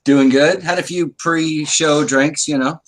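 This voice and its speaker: A woman's voice: deep voice, fairly even intonation, measured pace. A woman joining a stream as a guest, chatting casually.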